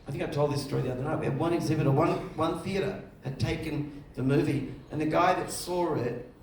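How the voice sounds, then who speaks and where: Animated storytelling man on stage. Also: fairly high pitch, fairly quick, vocal fry, a little hiss or hum. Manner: animated storyteller, acts out other voices. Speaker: film director, festival jury head. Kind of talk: on-stage conversation, anecdotal storytelling. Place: festival stage before an audience. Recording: echoey room, mic at a distance.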